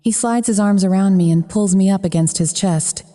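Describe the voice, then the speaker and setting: A woman's voice: mid-range voice, moderate pace, warm tone, in a large hall. A woman narrating a romance audiobook in the first person, in an intimate, breathless telling.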